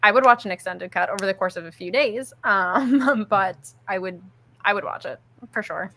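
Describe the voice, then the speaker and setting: A young woman talks casually on a podcast, spinning an animated story and acting out little exchanges. Her voice is bright and forward, with an easy conversational rhythm. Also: mid-range voice, normal speed. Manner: animated storytelling, acts out quoted lines, laughs often. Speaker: podcast co-host. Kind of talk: casual chat.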